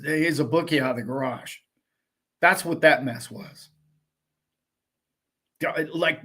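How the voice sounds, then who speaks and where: A man's voice: a little high, a bit bright. A man hosting a casual livestream, talking emphatically in a ranting way and firing off rhetorical questions. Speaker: livestream host.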